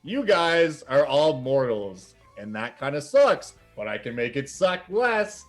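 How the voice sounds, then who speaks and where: A man voicing a flashy male djinn who hosts a cosmic game show, with booming showman patter. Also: very animated, a little slow, soft background music. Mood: showy.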